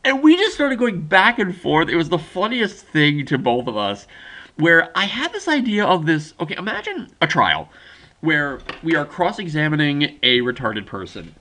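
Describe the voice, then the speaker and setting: Rambling, lively young man vlogging. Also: on the high side. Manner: rambling, halting storytelling. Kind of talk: casual vlog monologue.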